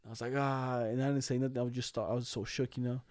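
A man's voice: medium pitch, little pitch movement, fast talker, a little mellow, dry recording, studio quality. A young man in casual chat, telling school stories in slangy, profane talk and laughing often.

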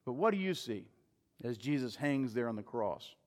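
A man preaching a sermon as a pastor in a church, telling the story dramatically, acting out what the crowd shouted and asking the listeners pointed rhetorical questions. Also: medium pitch, big pitch swings, normal speed, big-room sound. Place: church sanctuary.

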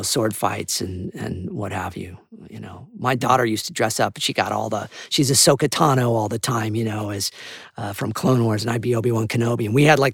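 A man, a voice actor, talking in an animated, rambling, enthusiastic way as a podcast interview guest. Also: mid-range voice, creaky, husky, dry recording, studio quality.

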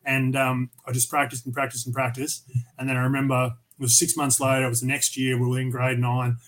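A man's voice: medium pitch, monotone, a little fast, a bit bright, low-quality recording. An Australian man from Tasmania, a metal vocalist who is a podcast guest, telling rambling, profane stories with many restarts. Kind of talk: casual storytelling interview.

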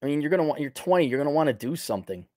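A man with a Milwaukee accent talks in casual livestream style, answering viewer messages with blunt opinions. His voice sits somewhat higher than most men's. The sound is dry, with no room around it. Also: lively intonation, very fast, darkish tone, no echo. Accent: Milwaukee, Upper Midwest. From Milwaukee, Wisconsin. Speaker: podcast host reading viewer donations.

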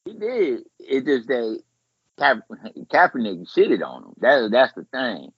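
A man co-hosting a podcast in casual chat, rambling and profane, jumping way up in pitch when he acts out what others said. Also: takes it slowly, slightly rough, dry recording. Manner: rambling, profane, animated quoting with big pitch jumps. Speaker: podcast co-host. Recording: muffled lo-fi podcast audio.

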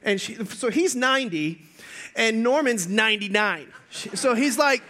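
A man preaching a sermon as pastor, joking, telling stories and talking with lively energy. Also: high voice, measured pace.

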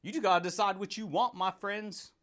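High-voiced, hyped-up man. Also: fairly quick, fairly bright tone. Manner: hyped, playful, laughs often, calls listeners buddy and dude. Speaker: podcast host. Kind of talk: motivational podcast monologue.

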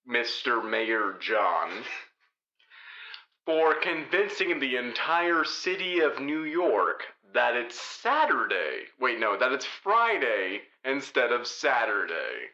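Man doing a smug all-knowing leader, slow lively delivery, bright tone, echoey muffled room. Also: medium pitch, heavily acted. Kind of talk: comedy audio sketch.

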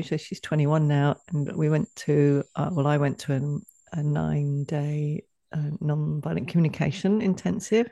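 A woman's voice: low voice, creaky, dark tone, dry recording. A woman in her forties hosting a podcast, effusive in praise and then reminiscing. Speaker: podcast host. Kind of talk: casual chat.

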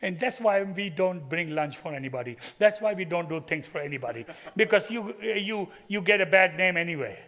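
High, bright-voiced male preacher. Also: expressive, fairly quick, few pauses. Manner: storytelling, humorous, swings from quiet to loud. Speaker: pastor. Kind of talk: sermon.

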